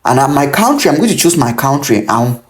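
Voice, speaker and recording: Guy from cameroon doing a how-to, mid pitch, keeps telling you to pay attention. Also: big pitch swings, brisk. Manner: instructive, repeats warnings to pay attention. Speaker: tutorial host. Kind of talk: screen-recorded how-to walkthrough.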